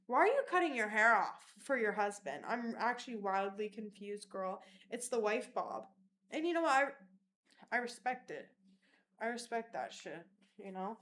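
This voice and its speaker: A young woman telling wild personal stories in a casual vlog, crude and animated, slipping into mocking voices. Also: on the high side, moderate pace, a little hiss or hum. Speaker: vlogger.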